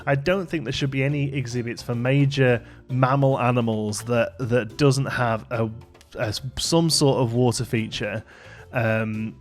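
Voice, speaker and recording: A man's voice: mid-range voice, fairly even intonation, a little slow, soft background music. Chatty man with a tired edge. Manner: rambling, chatty, self-deprecating, many fillers. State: tired, yawning. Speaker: gaming YouTuber. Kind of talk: casual let's play commentary.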